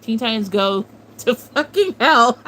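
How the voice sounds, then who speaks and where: A woman's voice: a little high, a bit bright, low-quality recording. A woman in her twenties chatting casually on a livestream, answering chat and swearing freely as she reminisces. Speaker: streamer reading chat.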